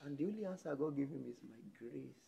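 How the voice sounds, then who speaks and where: A man with a Nigerian accent preaching a sermon as pastor, jumping between loud exclamations and hushed lines. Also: fairly high pitch, expressive, rapid-fire, gravelly, lo-fi sound, slight background noise.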